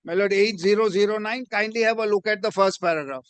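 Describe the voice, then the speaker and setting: A man's voice: sits high, fast, clean tone, dry recording. A man arguing before a judge in a courtroom, deferential and formal, inserting "my lord" into nearly every phrase. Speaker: advocate.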